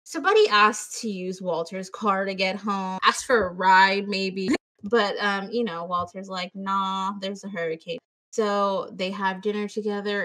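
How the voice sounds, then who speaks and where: A woman's voice: medium pitch, fairly bright tone. A woman hosting a podcast, casually retelling a movie with plenty of swearing and quoted voices. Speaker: podcast host. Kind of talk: casual movie-review chat.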